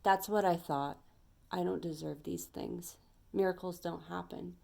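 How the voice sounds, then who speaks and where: A woman's voice: on the low side, steady tone, a little slow, gravelly, dark tone, full character voice. A woman voicing a downtrodden man in a parable who doubts he deserves anything good. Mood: dejected.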